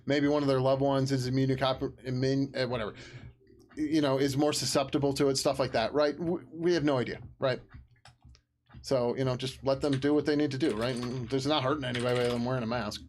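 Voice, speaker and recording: A man's voice: mid-range voice, fairly even intonation, a little fast, a little mellow, a little hiss or hum. A man chatting casually on a live stream about his open source project, rambling loosely, laughing and swearing now and then, sounding tired.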